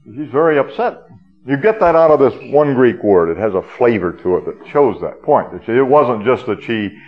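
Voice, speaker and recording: A man's voice: mid-range voice, sing-song, normal speed. Earnest preacher man, lo-fi sermon. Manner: earnest teaching with many hesitations and "uh" fillers.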